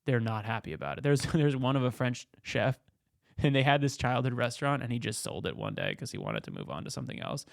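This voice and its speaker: A man hosting a show, giving comedic, casual commentary with excitable, jokey riffing. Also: mid-range voice, fast talker, creaky, no room sound, studio quality. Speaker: host.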